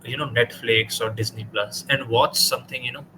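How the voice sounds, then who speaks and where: A man's voice: medium pitch, fairly even intonation, moderate pace, noisy background. A man with an Indian accent, tutoring a student in spoken English and correcting him directly. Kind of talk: spoken English practice session with feedback.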